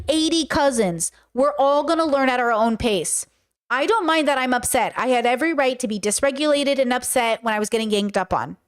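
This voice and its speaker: A woman hosting her own show, telling a personal story in a casual, candid way, swearing freely and answering her chat. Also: high voice. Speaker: streamer reacting to live chat.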